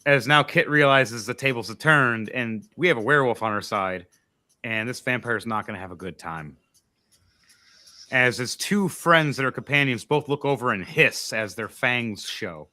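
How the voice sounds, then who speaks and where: A man's voice: medium pitch, moderate pace, sharp tone. A man running a tabletop role-playing game as game master, chatty and explaining the rules as he goes.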